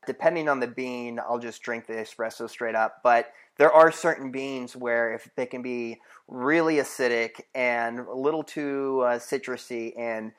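Man, interview guest, mid-pitched voice, casual, hesitant, chuckling. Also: steady tone, normal speed, hardly any pauses. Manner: easygoing, hesitant, chuckles often. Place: California.

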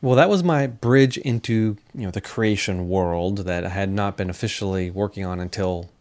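A middle-aged man, a scientist and speaker, talking casually in an interview and telling lively stories. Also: deep voice, normal speed. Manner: animated storyteller, acts out quotes, laughs often.

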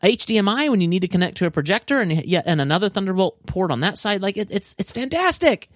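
A man co-hosting a casual tech chat, excitable and enthusiastic, often restarting his sentences. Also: high voice, quick pace, no echo, clean studio sound. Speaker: podcast co-host.

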